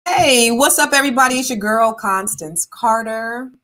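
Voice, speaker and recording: A middle-aged woman hosting a casual livestream chat. She naturally talks fast and is consciously trying to slow herself down. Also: on the high side, pushed and bright. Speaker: livestream host.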